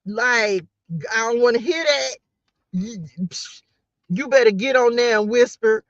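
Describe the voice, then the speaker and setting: A woman's voice: a little high, unhurried, no echo, dull audio. A woman tarot reader giving a casual motivational talk to her viewers, playful and slangy, laughing often.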